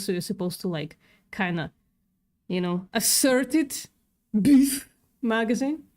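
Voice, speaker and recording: Woman streamer, non-native English accent, slow sarcastic casual chat, mid-pitched. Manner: sarcastic, swears casually, laughs often. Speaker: livestreamer.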